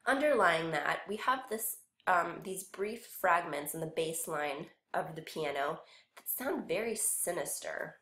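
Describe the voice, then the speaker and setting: Low-voiced woman teaching music, roomy sound. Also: animated, unhurried, background noise. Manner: patient, explains step by step. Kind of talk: explanatory music lesson. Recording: roomy echo.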